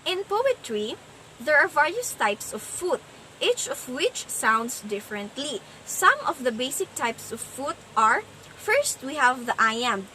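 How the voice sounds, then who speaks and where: A woman giving a class presentation, explaining things slowly and sounding out rhythms. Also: sits high, big pitch swings, pushed and bright, slight background noise, low-quality recording. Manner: slow, explanatory, sounds out stress patterns. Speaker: student presenter.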